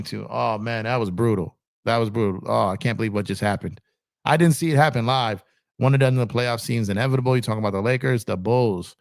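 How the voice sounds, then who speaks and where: An excitable man hosting a sports live stream, talking casually and breaking into loud reactions. His voice sits in an ordinary middle register. The sound is close and dry. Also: medium pitch, no room sound. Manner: chatty, shouts out viewers by name. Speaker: sports channel host.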